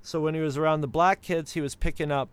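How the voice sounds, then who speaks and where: An American man from the United States co-hosts a casual chat, speaking fast in a slightly high, clean voice with fairly even intonation. He rambles with many restarts and throws in impressions of other accents.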